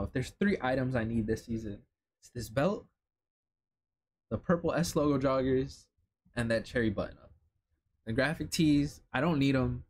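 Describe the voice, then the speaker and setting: A young man from Chicago talking casually and excitedly, with lots of slang and swearing, as he reacts to new streetwear items. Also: medium pitch. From Chicago, United States. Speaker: streetwear vlogger. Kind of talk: casual commentary while browsing a lookbook.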